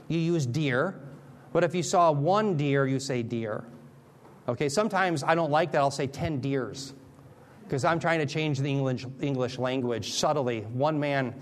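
A man delivers a teaching sermon with a somewhat higher-than-average voice. He explains each point patiently and casually, dropping in light jokes and frequent checks that the listeners are following. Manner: conversational, jokey asides, checks in with "Okay?". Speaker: Bible teacher.

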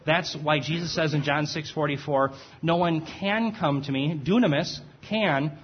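A man delivers a conversational expository sermon in a fairly high, husky voice. He keeps checking in with his listeners and pauses to correct his own slips. The recording sounds dull and muffled. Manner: conversational, checks in with "okay?", self-correcting, laughs at himself. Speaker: pastor.

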